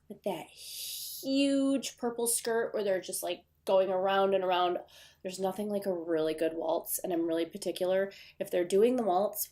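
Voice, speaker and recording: A woman with a fairly low, warm voice speaks at a moderate pace in a Midwestern American accent, sounding nasal and stuffy from a runny nose. She hosts a livestream from her desk at home, chatting casually with viewers and rambling with plenty of fillers.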